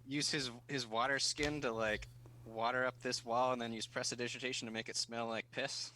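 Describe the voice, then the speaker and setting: A man playing a tabletop game, speaking in halting, casual in-character banter. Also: mid-range voice, flat delivery, sharp tone, slight background noise, low-quality recording. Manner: halting, restarts often. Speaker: player.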